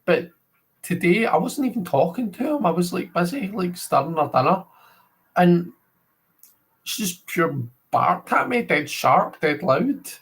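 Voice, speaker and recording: A man's voice: high-pitched, expressive, measured pace, fairly bright tone, husky, poor audio. A man with a Scottish accent hosting a casual livestream, chatting to viewers in a rambling way with lots of filler words. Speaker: livestream host.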